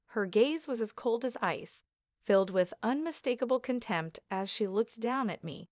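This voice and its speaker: A woman telling a first-person story in a measured, even reading voice. Her pitch sits in the middle range and the sound is dry and close, with no room echo. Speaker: narrator.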